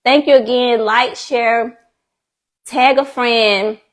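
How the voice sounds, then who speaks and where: A woman's voice: a little high, fairly even intonation, takes it slowly. A woman hosting a faith-based interview show, closing with encouraging, preacher-like words. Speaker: podcast host.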